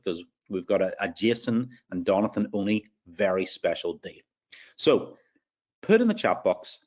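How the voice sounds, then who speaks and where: A man's voice: lowish voice, a little mellow, highs cut off. A man with an Irish accent hosting a live sales webinar, upbeat as he reads out attendees' names. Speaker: webinar host.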